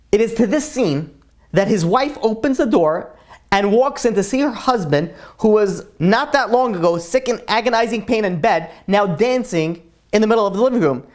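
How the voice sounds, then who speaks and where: A woman telling a story in a casual, chatty way, often saying "like" and clearing her throat. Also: mid-range voice, a little mellow.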